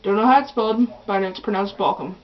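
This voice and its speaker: A woman's voice: medium pitch, fast talker. Chatty young teen girl, lo-fi. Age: early teens. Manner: chatty and rambling, with many restarts. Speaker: vlogger. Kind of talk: casual storytelling vlog.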